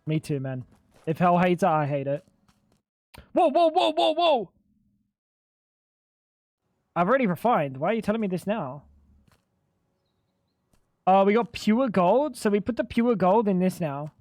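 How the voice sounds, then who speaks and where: A man's voice: sits high, lively intonation, moderate pace, pauses often, darkish tone, dry recording, studio quality. Profane joking streamer guy. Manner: joking, profane banter with chat. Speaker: livestreamer. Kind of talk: casual gaming livestream chat.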